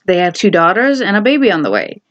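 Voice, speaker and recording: A woman talks through a TV episode in a casual, opinionated way. Her voice sits at an ordinary mid pitch. She slips into quick paraphrases of what the characters said. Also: very animated, dull audio. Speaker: TV recap vlogger. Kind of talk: casual recap commentary.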